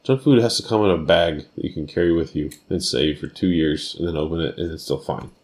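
A man with a very deep voice, co-hosting a podcast in casual conversation. He fires off quick questions and teases his partner about her answers. His delivery is playful and unscripted. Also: darkish tone. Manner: teasing, quick-fire questioning. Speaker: podcast co-host. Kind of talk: casual chat.

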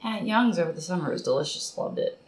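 A woman in her thirties chatting casually as a podcast co-host, laughing easily and hesitating over quick answers. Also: fairly low pitch, animated, slightly rough. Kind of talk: casual chat.

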